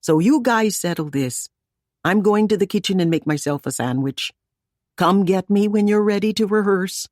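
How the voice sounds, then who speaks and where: A woman voicing a calm female producer with a lilting Irish accent. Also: medium pitch, normal speed, dry recording, clean studio sound, voice pushed up, close to an everyday voice.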